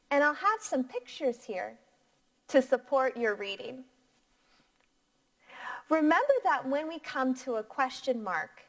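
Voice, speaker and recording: A woman teacher reading a picture book aloud to young children in a clear, encouraging voice. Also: high-pitched. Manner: slow, clear, encouraging teacher voice with sing-song inflection.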